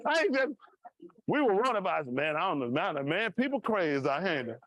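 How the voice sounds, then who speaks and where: Man, pastor, high voice, lively storyteller, dry close sound. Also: brisk, no echo. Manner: animated, acts out voices in his stories. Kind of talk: casual storytelling sermon.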